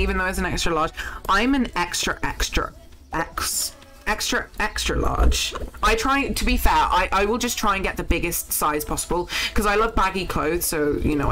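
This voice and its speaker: A woman's voice: on the low side, fairly bright tone. A young woman streaming a farming game, chatting casually with her viewers and swearing freely as she plays.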